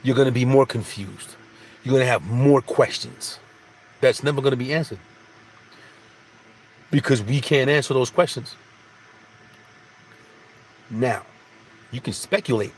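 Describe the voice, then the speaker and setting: A man's voice: mid-range voice, slight background noise. A man giving a casual, rambling spiritual monologue, repeating phrases and restarting sentences. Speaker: spiritual speaker.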